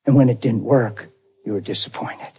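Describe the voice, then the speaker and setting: A man preaching a sermon, telling a personal story with deep emotion and speaking unrehearsed, calling out to his congregation. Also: moderate pace, dark tone, husky, highs cut off. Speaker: pastor.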